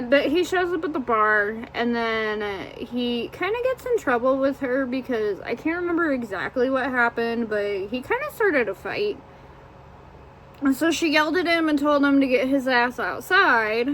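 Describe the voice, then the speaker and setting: A woman's voice: high voice, expressive, a little slow, a bit bright, a little hiss or hum, low-quality recording. A woman casually chatting about a book she read, rambling and profane. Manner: rambling and profane, lots of fillers. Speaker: book reviewer. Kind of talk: casual chat.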